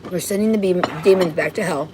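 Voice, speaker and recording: A woman's voice: fairly low pitch, quick pace, noisy background. A woman on a rambling livestream from her home, ranting and swearing in an agitated way. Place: home, indoors.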